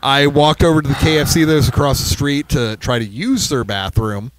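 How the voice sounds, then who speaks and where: A man's voice: mid-range voice, brisk, background noise. A man co-hosting a podcast, telling a tour story in casual chat and acting out quotes. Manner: animated, acts out quotes in a raised voice. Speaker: podcast co-host, band member.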